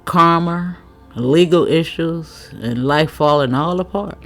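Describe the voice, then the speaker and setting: A woman's voice: low-pitched, slow, soft background music. A woman giving a casual, frank tarot reading commentary, chatting, swearing freely and laughing often. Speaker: tarot reader.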